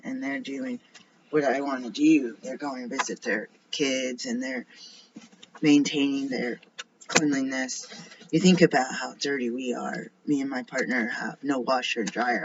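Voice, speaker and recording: A man talks through a loose, rambling vlog, wandering from one topic to the next and often sinking into a half-whisper. His voice sits at an ordinary middle pitch. The recording is a little muffled, with a faint hiss behind it. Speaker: vlogger. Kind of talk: casual rambling monologue. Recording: slightly dull lo-fi recording with faint noise.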